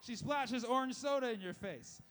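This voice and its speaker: High-voiced stand-up comedian man. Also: a bit bright. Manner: rapid-fire punchlines with acted-out voices. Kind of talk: stand-up set. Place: live comedy show.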